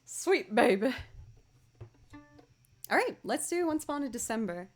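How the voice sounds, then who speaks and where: A woman's voice: high voice, fast, soft background music. Young woman, streamer, chatty and bubbly, casual livestream talk. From Boston area. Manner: chatty, bubbly, excited greetings to chat. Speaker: streamer and musician.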